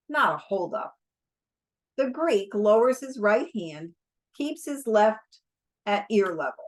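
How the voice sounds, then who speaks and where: Slow, deliberate woman reading aloud. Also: medium pitch. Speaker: audiobook reader.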